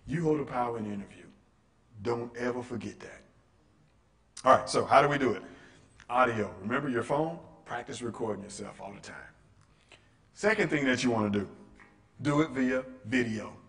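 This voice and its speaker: Animated man teaching a live audience. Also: medium pitch, normal speed, pauses often. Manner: animated, acts out quotes and asks rhetorical questions. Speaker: workshop speaker. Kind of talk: interactive teaching talk. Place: church room with a live audience.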